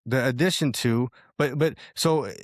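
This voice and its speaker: A man thinking aloud in a relaxed talk about scripture, stumbling through restarts and fillers before landing on his meaning. His mid-range voice is recorded close and dry. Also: mid-range voice, moderate pace, dry recording. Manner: hesitant, many restarts and fillers, searching for words. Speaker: podcast co-host. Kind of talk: casual faith discussion.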